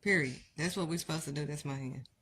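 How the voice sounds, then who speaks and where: Blunt, low-voiced woman preaching. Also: fast, fairly bright tone, slight background noise. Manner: blunt, exhortative, rhetorical questions. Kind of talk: impassioned live-stream sermon.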